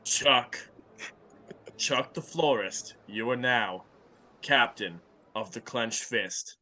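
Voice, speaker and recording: A man's voice: medium pitch, slow pace, pushed and bright, heavily acted. A man playing a pompous male governor in a tabletop game, speaking in a grand, folksy drawl. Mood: grandiose.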